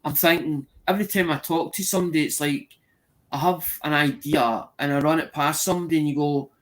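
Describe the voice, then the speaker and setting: A man's voice: a little high, fairly even intonation, fairly quick. A man chatting casually in a group, rambling and repeating himself, peppering his talk with "as in".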